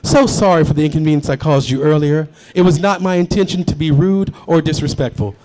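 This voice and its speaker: A man's voice: fairly high pitch, a little fast, warm tone, a little hiss or hum, natural voice. A man voicing a chastened parrot that speaks very formally and politely after being punished. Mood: meek. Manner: suddenly formal and apologetic.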